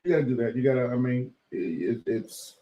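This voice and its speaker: A man co-hosting a casual recap chat, speaking hesitantly with halting restarts. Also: mid-range voice, fairly even intonation, dark tone, lo-fi sound. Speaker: co-host, husband.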